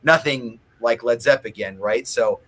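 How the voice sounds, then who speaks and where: Give me a man as a guest musician in a casual talk, telling stories in a halting, rambling way. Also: mid-range voice, a bit bright. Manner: rambling storyteller with many restarts. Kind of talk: casual interview chat.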